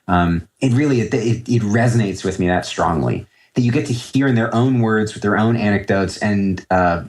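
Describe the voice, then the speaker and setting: A man in his thirties, a trader answering interview questions in a loose, rambling way, often restarting his sentences as he thinks aloud. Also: fairly low pitch. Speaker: trader, podcast guest. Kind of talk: casual interview talk.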